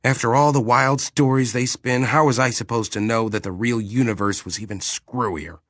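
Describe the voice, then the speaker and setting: A man voicing an exasperated, sardonic human starship captain who is quick to grumble. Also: mid-range voice, steady tone, a bit bright, dry recording, clean studio sound, pitched above the performer's own voice, lightly acted.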